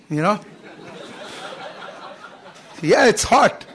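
High-voiced man preaching earnestly. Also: sing-song, very slow, pauses often, a bit bright. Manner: earnest, emphatic preaching with frequent "you know". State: coughing at times. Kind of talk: sermon.

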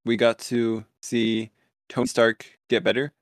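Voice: mid-range voice, little pitch movement, unhurried, no echo, clean studio sound. A co-host chatting casually on a podcast, easygoing and playful, laughing often. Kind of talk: casual chat.

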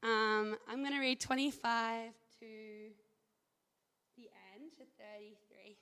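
A woman's voice: fairly high pitch, fairly even intonation, slow pace, sharp tone, clear, resonant tone, long reverb tail. A young woman sharing her faith testimony in an earnest, chatty way, then reading scripture aloud. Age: young adult. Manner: earnest, chatty, leans heavily on "like" and "I think".

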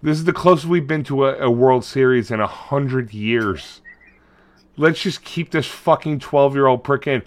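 A man's voice: medium pitch, normal speed. A man co-hosting a podcast, ranting and swearing as he retells a movie in casual chat. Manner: profane, ranting, animated retelling. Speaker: podcast co-host.

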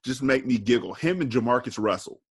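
A man's voice: medium pitch, expressive, a little fast, breathy edge. A man co-hosting a podcast, giggling and joking animatedly in casual chat. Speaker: podcast co-host.

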